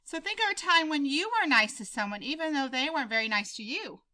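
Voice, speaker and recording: A woman teacher talks young students through a story, animated and encouraging. Her voice is high and bright. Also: brisk, hardly any pauses. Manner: animated, explaining to children. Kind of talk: reading aloud to a class.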